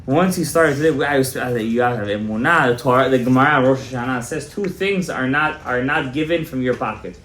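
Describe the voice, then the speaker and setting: A male rabbi telling a story in a Torah class, animated and joking, mixing in Hebrew terms. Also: mid-range voice, brisk, few pauses. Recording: echoey room, faint background.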